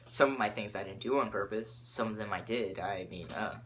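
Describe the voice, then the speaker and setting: A teenage boy hosting his own podcast, rambling excitably from topic to topic with lots of fillers. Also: fairly low pitch, brisk, a little hiss or hum. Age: teens. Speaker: podcast host.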